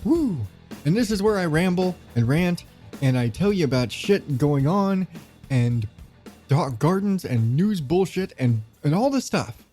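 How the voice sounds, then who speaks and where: A man's voice: fairly high pitch, expressive, measured pace, mellow, soft background music. A man hosting his own podcast alone, rambling casually, swearing freely and chuckling between thoughts. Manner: rambling, profane, chuckling often. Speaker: podcast host. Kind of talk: solo casual podcast monologue.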